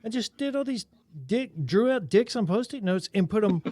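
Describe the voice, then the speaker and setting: A man's voice: high voice, animated, moderate pace, darkish tone, no room sound, clean studio sound. A man hosting a casual podcast, joking easily with his guests as he interviews them. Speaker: podcast host.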